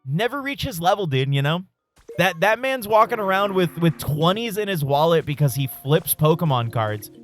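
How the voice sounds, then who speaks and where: A man streaming a game and telling a story in a casual, animated way, swearing and laughing often. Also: on the high side, normal speed, faint music behind. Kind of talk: casual live-stream chat while gaming.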